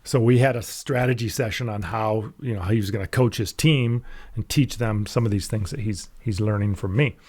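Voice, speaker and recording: A man who works as a mental skills coach, telling a story in a casual, animated way and chuckling often between phrases. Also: on the low side, normal speed.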